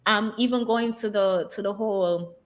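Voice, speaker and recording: A woman's voice: medium pitch, normal speed. A woman being interviewed who speaks candidly and with strong opinions, using lots of um's and likes. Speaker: interview guest. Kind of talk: casual interview chat.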